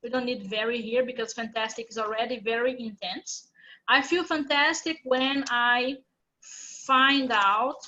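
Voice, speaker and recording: A woman's voice: on the high side, fairly even intonation, unhurried, sharp tone, dull audio. A Brazilian woman whose first language is Portuguese, teaching an English class online and explaining step by step with patience.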